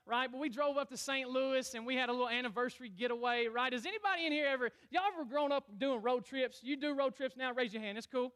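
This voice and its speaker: A young man, a youth pastor preaching a lively sermon in church and calling on the congregation to answer back. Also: extremely high pitch. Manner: energetic, calls on the crowd to respond.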